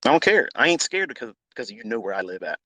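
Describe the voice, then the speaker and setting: A man who mentors traders, talking live to an online audience. He is blunt and combative, swears freely and hammers his points through repetition. His middle-pitched voice sits close and dry on the mic. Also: very animated, quick pace, pushed and bright, no room sound. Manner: blunt, profane, combative, repeats himself for emphasis. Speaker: trading mentor. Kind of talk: live audio-room monologue.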